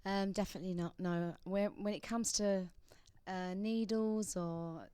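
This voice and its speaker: A woman's voice: medium pitch, fairly even intonation, measured pace, dark tone, smooth, no echo. A young woman from England, a singer guest in a radio studio, chatting casually and laughing often.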